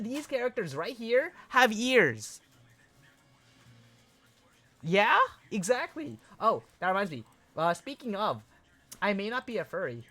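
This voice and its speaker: Excitable young man streaming, bright and swearing. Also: high-pitched, a little slow, pauses often, no room sound. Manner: excitable, swears often, laughs, reacts loudly to chat. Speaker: livestream host. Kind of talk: casual livestream chat with viewers.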